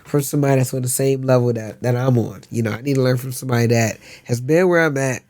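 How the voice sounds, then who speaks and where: A man's voice: mid-range voice, quick pace, a little mellow. A man in his thirties, an actor being interviewed, chatting casually in easygoing slang and acting out lines in changing voices. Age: 30s. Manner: easygoing, laid-back slang; acts out lines in varied voices. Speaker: actor guest.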